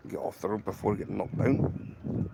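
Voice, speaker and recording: A Scottish trainspotting livestreamer, with a lowish, fairly even voice and some vocal fry, talks at a moderate pace to viewers from outdoors by a railway. Using a handheld camera, he rambles emphatically and repeats himself over a noisy background.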